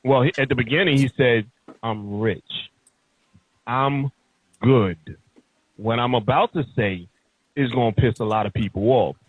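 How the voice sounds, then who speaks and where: Man, podcast host, fired-up profane rant, husky, phone-like sound. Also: mid-range voice, a little slow, pauses often, no echo. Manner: heated, profane, emphatic ranting. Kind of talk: casual ranting chat.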